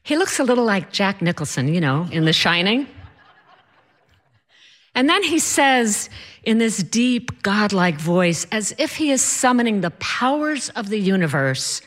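Unhurried and deliberate, a woman tells an audience a personal story in a medium-pitched, sing-song voice. She's wry and self-deprecating, using her timing to build the drama.

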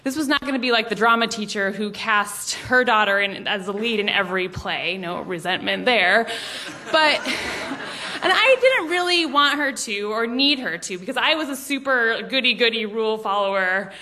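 Bright, animated woman telling a story live. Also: fairly high pitch, moderate pace. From Montana, US. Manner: animated, self-mocking, acts out quotes.

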